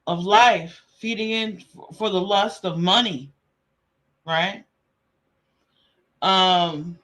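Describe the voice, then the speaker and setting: High bright voiced guy streaming, slow laid-back slangy chatter. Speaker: streamer reviewing a live stream. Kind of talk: casual live-stream commentary.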